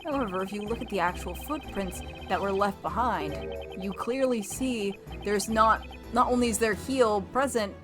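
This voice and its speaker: A woman's voice: medium pitch, normal speed, close to an everyday voice. A woman voicing an earnest, sometimes stammering young male defense lawyer while streaming a game. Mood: arguing. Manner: earnest, stammering when cornered. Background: game music.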